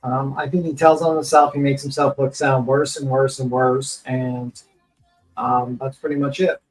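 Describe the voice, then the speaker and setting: A man's voice: medium pitch, flat delivery, moderate pace, distant mic, faint music behind, rough recording. A man on a livestream panel giving blunt, exasperated commentary. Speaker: panel guest.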